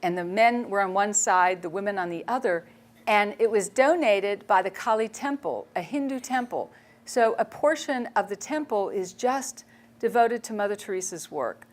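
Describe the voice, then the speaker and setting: A woman photojournalist giving a public talk. She tells stories in a chatty, animated way and laughs often. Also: medium pitch, moderate pace. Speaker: speaker, photojournalist.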